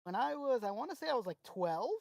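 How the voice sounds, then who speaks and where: A young man, raised partly in Mexico, co-hosting a podcast and telling profane, animated stories in casual chat. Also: very high voice, quick pace, vocal fry, dry recording. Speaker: podcast co-host.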